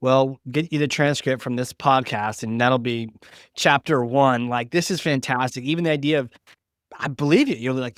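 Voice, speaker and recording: A man with a New England accent hosting a podcast, animated and acting out quoted voices in casual talk. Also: medium pitch, fairly quick, no echo, clean studio sound. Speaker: podcast host.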